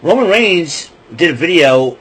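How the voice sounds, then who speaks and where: A man's voice: on the high side, very animated, unhurried, a bit bright, breathy edge, low-quality recording. A man hosting a podcast, casually retelling wrestling events in a loose, rambling way with lots of fillers and restarts. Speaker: podcast host.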